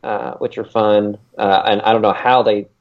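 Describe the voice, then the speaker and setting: A man's voice: lowish voice, normal speed. A man co-hosting a podcast, chatting casually and rambling with lots of fillers. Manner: rambling, many "uh" fillers, excitable. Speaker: podcast co-host. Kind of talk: casual chat. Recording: dull lo-fi sound.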